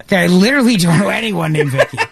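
A man's voice: high-pitched, lively intonation, rapid-fire, background noise. A middle-aged man hosting a casual chat show, telling a family story with playful mimicry. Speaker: podcast host.

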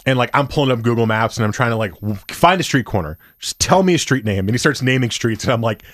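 A young man in casual conversation, telling an animated story and acting out what his friends said. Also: medium pitch, quick pace, slight background noise. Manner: animated storyteller, acts out quotes.

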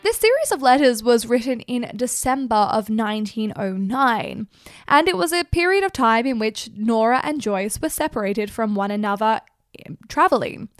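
A woman's voice: on the high side, expressive, moderate pace, no room sound, clean studio sound. A woman hosting irreverent literary commentary, speaking crudely and laughing often as she talks. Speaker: host.

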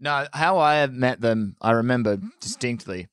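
A man's voice: mid-range voice, moderate pace, clear, resonant tone, no room sound, studio quality. Laid-back man recalling a recording session. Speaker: band member, guest. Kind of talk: casual storytelling.

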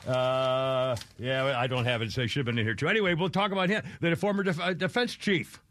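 On a talk radio show, a man with a medium-pitched, slightly bright voice delivers a heated rant at a fairly quick pace with fairly even intonation. Angry and mildly profane, he keeps breaking off and restarting. The recording has no echo.

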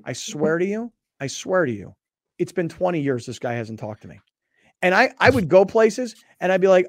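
Animated sports radio host, close dry mic. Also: male voice, sits high, normal speed, no room sound. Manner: animated, acts out both sides of quoted arguments. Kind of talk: casual storytelling chat.

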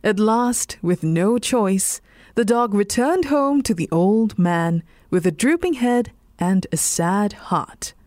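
A woman with a Singaporean English accent, reading a bedtime story in a slow, soothing voice. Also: mid-range voice, dry recording, clean studio sound. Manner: slow, soothing, lively intonation.

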